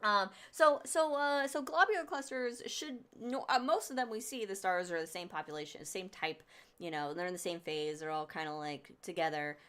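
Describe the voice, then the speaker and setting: A woman's voice: mid-range voice, moderate pace, fairly bright tone, clean tone. A woman co-hosting a casual astronomy podcast, explaining sky objects in a rambling, chatty way with lots of fillers. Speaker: podcast co-host presenting sky events. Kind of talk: casual chat.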